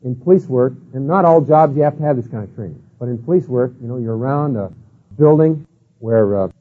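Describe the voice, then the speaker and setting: Husky man lecturing on tinny old tape. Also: mid-range voice, fairly quick. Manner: folksy, storytelling with many "you know" and "uh" fillers. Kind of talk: sermon-style lecture.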